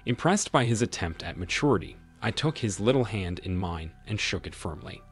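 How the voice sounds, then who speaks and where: Man, story narration, husky, lively pitch, faint background music. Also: normal speed.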